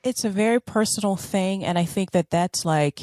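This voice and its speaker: A woman's voice: mid-range voice, normal speed, a little mellow, no room sound. Gushing woman podcast co-host, dry sound. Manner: gushing, searches for words, trails off. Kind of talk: casual chat.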